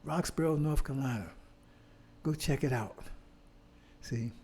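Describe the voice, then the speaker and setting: A little slow and warm in tone, this older man's medium-pitched voice drives an impassioned street-style lecture on history. He keeps pounding on the same rhetorical questions and swears from time to time.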